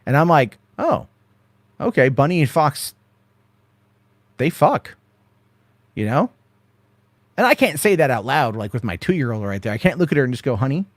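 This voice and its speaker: A man's voice: mid-range voice, no echo. A man hosting a casual late-night stream and answering viewer questions one after another. His talk rambles and swears freely, with lots of filler as he moves through the list. The voice sits in an ordinary middle range and is recorded dry and close, with no room sound. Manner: rambling, profane, reads viewer questions aloud. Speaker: host answering chat questions. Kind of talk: casual live-stream chat.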